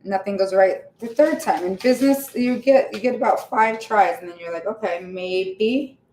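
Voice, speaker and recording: A woman talks casually to her live audience while she bakes, laughing often and drifting off mid-thought. Her voice is mid-pitched and rings around a bare home kitchen. A faint hum of room ambience sits underneath. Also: moderate pace, a little mellow, echoey room. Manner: chatty, laughs often, trails off with fillers. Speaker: vlogger baking on a livestream. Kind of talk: casual chat while baking.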